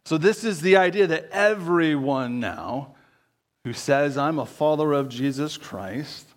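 A man's voice: expressive, measured pace. Conversational man preaching a sermon. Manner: frequent tag questions, conversational preaching with self-corrections; drops low and quiet at key words. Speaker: pastor.

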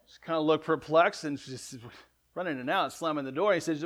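A man preaching a sermon in a conversational way, often asking "right?", correcting himself, and swinging between loud emphatic lines and quiet ones. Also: on the high side, a little fast. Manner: conversational, frequent "right?" asides and self-corrections. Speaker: pastor.

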